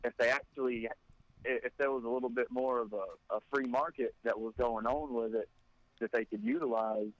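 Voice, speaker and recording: A man's voice: mid-range voice, steady tone, moderate pace, dry recording, dull audio. A man from North Carolina talks in a casual podcast conversation and often trips over and repeats his words while he thinks. His voice sits in an average register, and he sounds close and dry, with no room around him.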